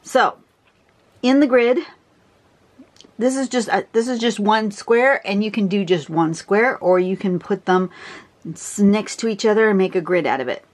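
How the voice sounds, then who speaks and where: A woman's voice: medium pitch, normal speed. A woman explaining a drawing pattern in a casual, rambling tutorial, with frequent fillers. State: out of breath. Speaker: drawing teacher.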